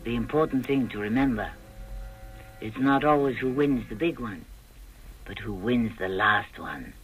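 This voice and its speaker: A man hosting a radio drama, narrating in a measured, declamatory style. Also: medium pitch, lively intonation, phone-quality sound, slight background noise.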